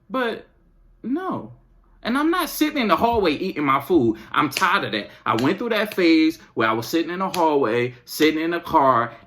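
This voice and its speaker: A podcast host and parent who talks in loose, slangy asides. They mumble along in a middling pitch, then burst out loud and animated when the complaints heat up. The monologue is comedic venting. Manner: casual slangy speech. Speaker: parent of young children and an eleven-year-old.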